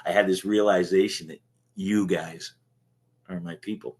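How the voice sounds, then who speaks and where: A man's voice: sits low, fairly even intonation, fairly quick. A man from Canada giving an earnest, emotional personal share at a recovery meeting, restarting his sentences often. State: choked up.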